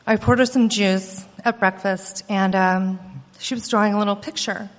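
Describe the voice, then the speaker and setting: A woman's voice: medium pitch, fairly even intonation, normal speed. A woman, a mother, earnestly recounting a personal experience, often acting out quoted dialogue. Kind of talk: personal storytelling. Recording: long hall reverb.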